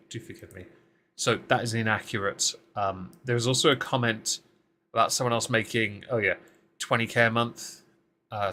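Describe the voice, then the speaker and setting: A man's voice: fairly low pitch, sharp tone, a little hiss or hum. A man hosting a casual live-stream commentary, talking with dry, sarcastic asides and frequent ums as he greets chat and reads through posts.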